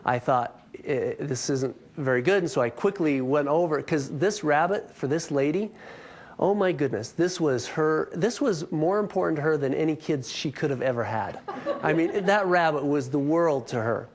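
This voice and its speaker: A man's voice: a little high, expressive, moderate pace. A man in his thirties giving a health workshop talk, telling a story with self-mocking humor before moving on to teaching.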